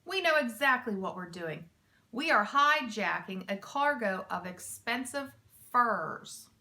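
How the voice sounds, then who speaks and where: A woman's voice: a little high, expressive, takes it slowly, gravelly, sharp tone, exaggerated voice. A woman doing a polite, fussy hijacker man. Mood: bossy. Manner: formal, fussy, long-winded. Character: polite, wordy adult male truck hijacker.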